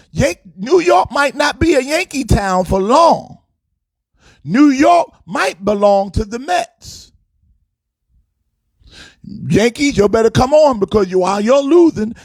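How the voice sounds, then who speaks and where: A man's voice: very high voice, animated, measured pace, no room sound. A man hosting a casual sports talk show, fired up and preachy, with a sing-song delivery.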